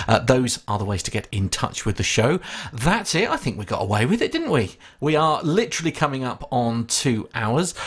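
A man hosting a podcast in casual chat, laughing often and trailing into restarts. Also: mid-range voice. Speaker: podcast host.

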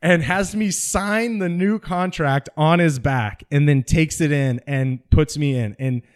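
A man from California with a fairly high speaking voice, a veteran guest on a podcast. He tells his story animatedly, laughing often and slipping into the voices of the people in his anecdotes. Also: a little slow. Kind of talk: storytelling interview.

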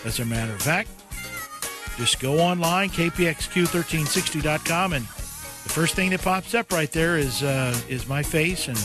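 A man hosting a radio talk show, giving relaxed, conversational plugs for the station. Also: on the high side, moderate pace, over music. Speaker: radio host.

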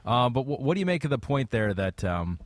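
A man's voice: medium pitch, very animated, brisk, dry recording. A man hosting a football podcast, reading out listener questions in an easygoing, joking way. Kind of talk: casual football podcast chat.

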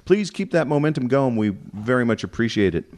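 A man's voice: mid-range voice, lively intonation, fairly quick, darkish tone. A man hosting a casual beer podcast in an easygoing way, laughing often between lines. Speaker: podcast host.

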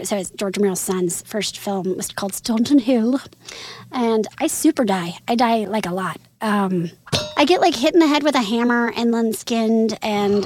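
A woman from Missouri in her thirties, a voice actress chatting in an interview, animated and quick with asides and laughter. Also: fairly high pitch, a little hiss or hum. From Missouri, USA. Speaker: voice actress guest. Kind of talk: casual interview chat.

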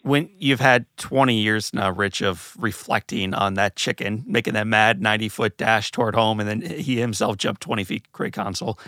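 A man's voice: lowish voice, steady tone, moderate pace, hardly any pauses, pushed and bright, dry recording, studio quality. A male podcast host asking a guest questions, sometimes joking. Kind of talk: interview questions.

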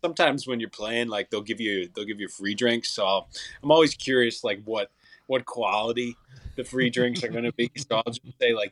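A man's voice: medium pitch, moderate pace, fairly bright tone, no room sound. A young man, a songwriter and musician, chatting casually as an interview guest, rambling with frequent restarts and fillers.

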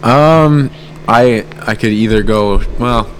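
A man's voice: medium pitch, takes it slowly, slight background noise. A man chatting casually on a podcast, hesitant and full of restarts. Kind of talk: casual chat.

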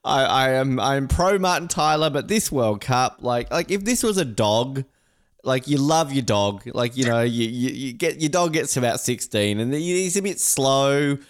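Male podcast co-host, mid-pitched, loose rambling comic delivery. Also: expressive, normal speed, clean tone. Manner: rambling, joking, repeats words. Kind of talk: casual comedic chat.

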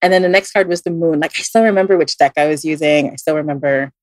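A woman who reads tarot, telling a story in a casual, animated way, full of "like" fillers. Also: low voice, fast, no echo.

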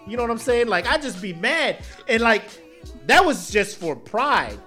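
A man co-hosting a podcast in casual, swearing chat, acting out little scenes in loud, high voices. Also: big pitch swings, moderate pace, soft background music. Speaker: podcast co-host.

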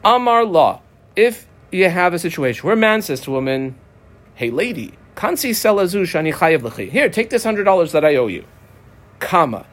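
Animated man teaching Talmud. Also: high-pitched, moderate pace. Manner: animated, folksy, mixes in Hebrew and Aramaic terms. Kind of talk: casual lecture reading through a text.

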